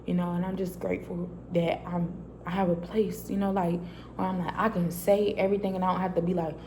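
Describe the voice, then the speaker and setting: A woman vlogs her faith testimony from a quiet private space, speaking casually and loosely with many fillers while voicing her past dialogue. Her lowish, darkish voice is brisk and flat in delivery, with slight background noise.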